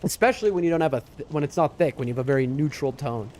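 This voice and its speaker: A man's voice: a little high, lively intonation, racing, a little hiss or hum. An American man in his late twenties, a streamer chatting casually with his chat while he plays, rambling and talking back to viewers. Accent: American, shifting East Coast. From United States. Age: late 20s. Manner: chatty, rambling, answers chat mid-game. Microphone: headset. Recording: loud music behind.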